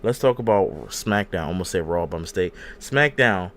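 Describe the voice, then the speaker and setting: A man's voice: deep voice, lively intonation, moderate pace, fairly bright tone. A young man hosting a casual wrestling podcast, bantering with his co-hosts and recapping matches with exaggerated voices. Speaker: podcast host.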